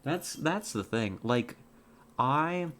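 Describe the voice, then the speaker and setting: A woman's voice: rumbling low, expressive, takes it slowly, a bit bright, slight background noise. A woman streamer chatting casually with her chat while playing a hunting game, rambling with many fillers and restarts.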